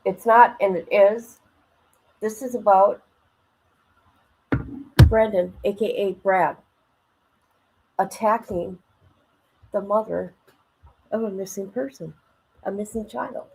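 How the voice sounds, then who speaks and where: A woman's voice: medium pitch, fairly even intonation, slow, gravelly, pauses often, a little mellow, husky, poor audio. A woman hosting a casual livestream from home on her phone, rambling and emotional as she talks to her chat. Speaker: livestream host.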